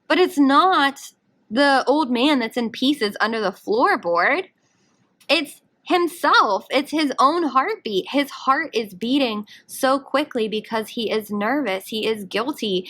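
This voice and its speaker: Woman, teacher, guided reading lesson, conversational, questioning, slightly high voice. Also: fairly bright tone. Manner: conversational, asks the class questions. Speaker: English teacher.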